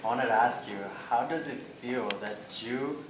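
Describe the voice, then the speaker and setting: Guy in the crowd asking a panel question, friendly, kinda halting, echoey hall, sounds far from the mic. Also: medium pitch, background noise. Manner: casual, friendly, a little halting. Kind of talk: audience question at a convention panel. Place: large convention hall.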